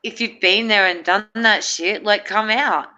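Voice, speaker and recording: A woman's voice: medium pitch, measured pace, sharp tone, dull audio. A middle-aged woman, a guest in a casual chat, rambling and hesitant with many fillers and restarts.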